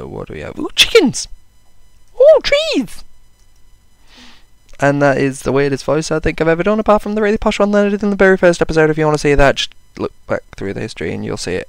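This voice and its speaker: Swearing young gamer, crisp dry voice. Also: male voice, mid-range voice, no room sound. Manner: swears often, self-mocking, sudden loud outbursts. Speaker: gaming channel host. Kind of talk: casual gameplay commentary.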